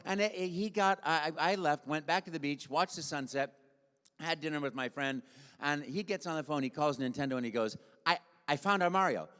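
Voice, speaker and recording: Animated older man telling stories. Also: a little high, brisk, clean tone. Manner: animated storyteller, full of sound effects and voices. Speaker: guest voice actor. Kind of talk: storytelling on a convention stage. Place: convention stage in a large hall. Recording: echoey convention hall.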